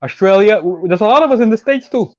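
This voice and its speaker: A man from South Sudan hosting a casual podcast chat, rapid and talking over his guest. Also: high voice, lively intonation, no echo, highs cut off. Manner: rapid, talks over others. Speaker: podcast host.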